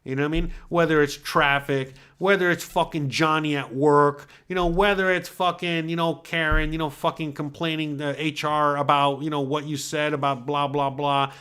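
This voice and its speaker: A man's voice: a little high, little pitch movement, normal speed, hardly any pauses, sharp tone, clean tone. A middle-aged man from the US East Coast hosting a casual solo chat, rambling and swearing freely with lots of "you know" fillers. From East Coast of the USA. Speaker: podcast host.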